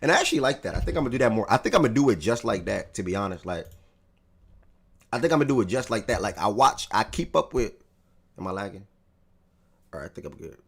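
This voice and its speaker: A man's voice: lowish voice, sing-song, fast talker, pauses often, fairly bright tone, breathy edge. A man hosting a casual sports livestream, feeling sick with a strained voice, talking in a laid-back, joking way to his chat. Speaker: livestream host.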